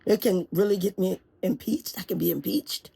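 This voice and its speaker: A woman's voice: lowish voice, moderate pace, gravelly, dark tone, slightly rough, full character voice. A woman putting on a curt, self-important older male president. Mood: smug.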